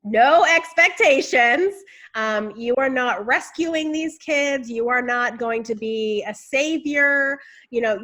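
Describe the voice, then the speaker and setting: A woman guest in a casual interview, talking in an animated, expressive way about family life. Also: on the high side. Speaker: guest, author and speaker.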